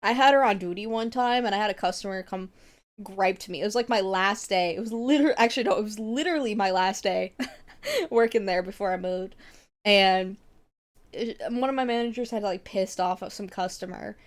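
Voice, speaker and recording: Young woman, streamer, casual chat, rambling, swears a lot, laughs often, mid pitch. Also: fairly quick.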